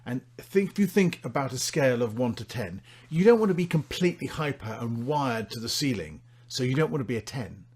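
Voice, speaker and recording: A man teaching presentation delivery, demonstrating his points with big swings in loudness and dramatic pauses. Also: medium pitch, lively intonation, breathy edge. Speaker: public speaking instructor. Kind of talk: instructional presentation.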